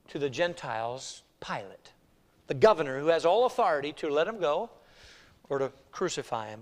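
A male pastor preaching a sermon, swinging between hushed lines and loud, dramatic ones. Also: fairly high pitch, lively intonation, moderate pace, long reverb tail. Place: church sanctuary.

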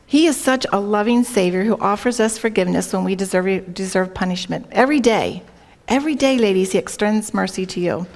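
A woman's voice: medium pitch, fairly even intonation, brisk, hardly any pauses, darkish tone. A woman speaking earnestly to a women's group, telling a story and reading scripture, often turning to her listeners with questions. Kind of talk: devotional talk with anecdote and scripture reading. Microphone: wearing a worn microphone.

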